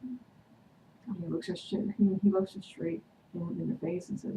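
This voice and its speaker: A woman vlogger chatting through a TV episode recap, excitedly acting out the characters' quotes. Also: mid-range voice, measured pace, gravelly, pauses often. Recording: echoey room, distant mic, noisy.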